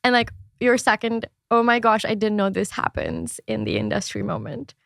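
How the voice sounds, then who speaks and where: A woman with a high, lively voice and a gravelly edge hosts a relaxed interview, chiming in with short affirmations. Her voice is recorded dry, with no room echo. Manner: warm listener, frequent laughter and quick affirmations. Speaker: podcast host. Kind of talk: casual interview chat.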